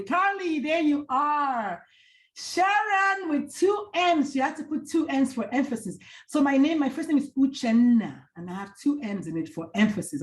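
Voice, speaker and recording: Chatty woman greeting a video call. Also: fairly high pitch. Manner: warm, chatty, greets each attendee by name. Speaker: presenter. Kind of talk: casual online talk wrap-up. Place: hotel room.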